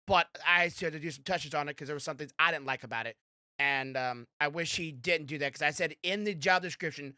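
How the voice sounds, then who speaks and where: A man's voice: a little high, a little fast, pushed and bright, dry recording, studio quality. A young man hosting a casual podcast, rambling with lots of fillers and restarts. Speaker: podcast host.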